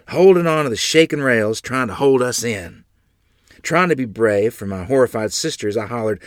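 A man's voice: medium pitch, expressive, moderate pace, no room sound, studio quality. A man narrating a family memoir with dramatic, vivid emphasis. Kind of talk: storytelling memoir reading.

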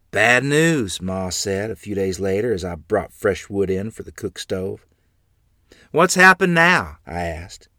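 A man narrating a memoir story aloud in an earnest, expressive manner. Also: deep voice, dry recording, studio quality.

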